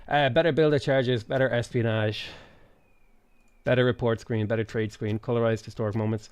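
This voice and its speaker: A man's voice: medium pitch, fairly even intonation, moderate pace, a little mellow, clean tone, no room sound. Irish male streamer, mid voice, loose rambling chat, dry close mic. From Ireland. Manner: rambling, swears freely, reads chat aloud. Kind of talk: casual chat while playing a strategy game.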